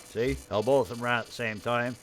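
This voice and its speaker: A man's voice: medium pitch, steady tone, brisk, a bit bright, a little hiss or hum. A man streaming a game live, rambling casually about his farm build, his throat dry and irritated. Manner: rambling, chatty, greets viewers while showing his build.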